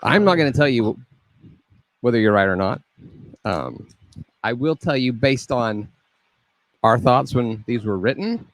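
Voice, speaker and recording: A man's voice: medium pitch, measured pace, pauses often, no echo, poor audio. A man hosting a casual video-call show, teasing and dry in his humor. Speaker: host. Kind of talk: casual chat.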